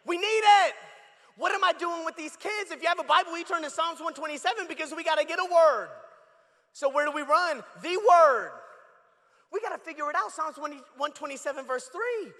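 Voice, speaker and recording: Preaching as a guest in a church sanctuary, a man talks fairly quickly with a very high-pitched, sharp tone. He jokes with the audience in a casual, conversational way, his voice carrying the long reverb of the large hall.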